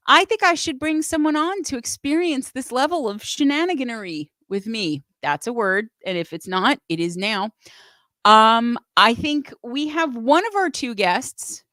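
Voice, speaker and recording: A woman's voice: a little high, fairly bright tone, no echo. A woman hosting a live music show, bubbly and playful, laughing often. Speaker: host.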